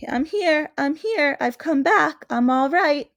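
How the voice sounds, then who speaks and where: A woman's voice: sits high, lively intonation, slow pace, no echo, pitched above the performer's own voice, exaggerated voice. A woman voicing a polite, kind young girl in a storybook reading, eager and sympathetic in manner. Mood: reassuring.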